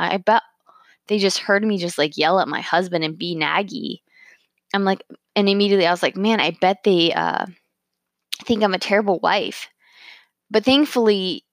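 A woman's voice: medium pitch, no room sound. Chatty woman with a dry close sound. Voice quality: chatty, many fillers, quoting herself in asides. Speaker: speaker reflecting on a Bible verse. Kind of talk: casual personal talk.

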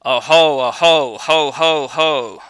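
A man reading aloud as a timid leader of a band of fools who speaks in grave, rhyming declarations. The voice rings very bright and dry, with a slow, deliberate pace. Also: medium pitch, expressive, clean tone, no room sound, heavily acted. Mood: terrified. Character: timid grave leader of seven Swabians, middle-aged man.

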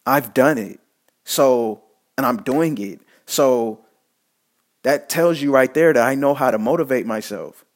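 A man's voice: medium pitch, unhurried. Man giving a casual motivational talk. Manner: repetitive, stumbling restarts, preachy asides.

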